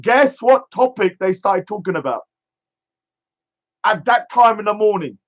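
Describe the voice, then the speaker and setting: A man's voice: sits high, animated, a little slow, lo-fi sound. A man delivering a scornful, emphatic rant, drumming home one catchphrase again and again. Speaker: streamer. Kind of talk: ranting monologue.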